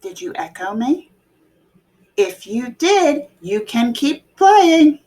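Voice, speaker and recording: A woman teaching a music class online, patiently explaining note lengths and chanting rhythm patterns. She speaks very slowly with a slightly high, lively voice that leaps up and down. She calls out rhythms playfully as she leads a classroom game. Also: poor audio.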